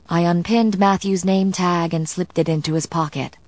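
A woman narrates a novel in the first person, steady and measured. Her voice is low and the recording is close and dry, with no room sound. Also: dry recording. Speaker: audiobook narrator. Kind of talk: scripted narration.

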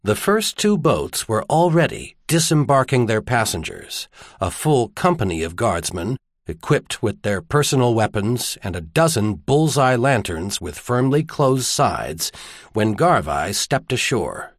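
A man reading an audiobook in a measured storytelling delivery. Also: medium pitch, very animated, dry recording, clean studio sound. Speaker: audiobook narrator. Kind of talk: scripted narration.

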